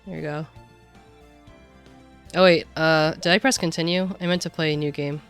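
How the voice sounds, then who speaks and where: A woman's voice: low-pitched, steady tone, normal speed, smooth, soft background music. A woman streamer chatting casually while setting up a game, muttering to herself.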